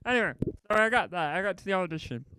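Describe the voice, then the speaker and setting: A man's voice: high-pitched, lively intonation, quick pace, pushed and bright, a little hiss or hum. A man doing stand-up comedy, telling a meandering anecdote that keeps correcting itself and acting out both sides of conversations.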